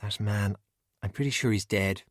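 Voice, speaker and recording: A man's voice: on the low side, normal speed, dry recording, natural voice. A man reading aloud and voicing a bold, sarcastic young woman in a storybook, with dry, wisecracking talk.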